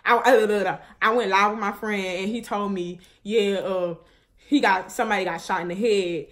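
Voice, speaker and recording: A woman's voice: mid-range voice, steady tone, moderate pace. A young woman vlogger, telling viewers a painful personal story in a rambling, grieving way, full of fillers and restarts. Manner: grieving, subdued and shaky.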